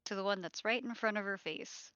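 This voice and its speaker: A woman playing a tabletop game online, calmly describing her character's moves. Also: medium pitch, a little fast, clean tone, no echo. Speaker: player. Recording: dull lo-fi call audio.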